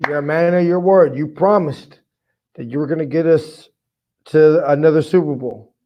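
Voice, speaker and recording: A man's voice: fairly high pitch, normal speed, mellow. Fired-up man ranting on a sports podcast. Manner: fired up, profane, rambling. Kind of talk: casual fan commentary.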